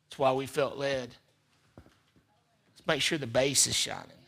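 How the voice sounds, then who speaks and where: A man preaching a sermon as pastor, repeating phrases for emphasis and swinging between loud emphatic peaks and quiet asides. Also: medium pitch, steady tone, measured pace, creaky. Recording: live church service.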